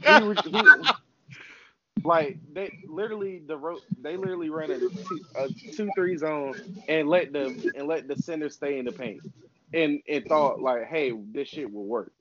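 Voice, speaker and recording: A man's voice: a little high, normal speed. Man, blunt, emphatic, basketball podcast, crowd noise, lo-fi. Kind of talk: casual basketball chat.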